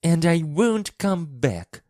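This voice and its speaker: A man voicing an angry, bossy little girl in a storybook reading for English learners, with a sharp, scolding manner. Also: mid-range voice, sing-song, slow pace, dry recording, studio quality, pitched above the performer's own voice. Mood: defiant.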